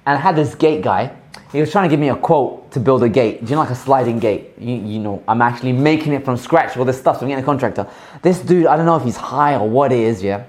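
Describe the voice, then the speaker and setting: A man's voice: medium pitch, fast talker. Rambling man chatting on stream. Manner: rambling, animated storytelling with frequent restarts. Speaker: live stream host. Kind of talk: casual chat.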